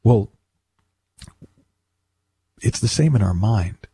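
A man's voice: lowish voice, expressive, slow, warm tone, breathy edge. A man giving a reflective, conversational monologue, talking his way through ideas with restarts and acted-out bits of self-talk. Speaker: speaker on mindset.

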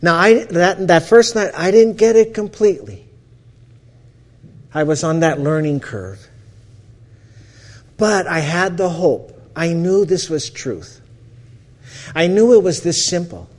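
A man, a counselor, giving a storytelling talk about how thought shapes experience. He talks with lively energy, often restarts his phrases and laughs as he tells a story. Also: high-pitched, slow, long pauses. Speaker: counselor teaching the principles.

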